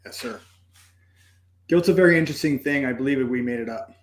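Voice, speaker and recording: A man's voice: mid-range voice, fast talker, reverberant. A man speaking earnestly and reflectively as a podcast guest, telling a personal story.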